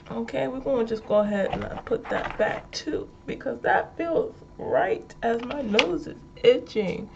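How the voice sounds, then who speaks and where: Woman vlogger, slow and gravelly, playful and giggly, dull lo-fi recording. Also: on the high side, noisy background. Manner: playful, giggly, repeats lines with emphasis. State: high energy. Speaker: vlogger reading affirmation cards. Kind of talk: casual spoken affirmations.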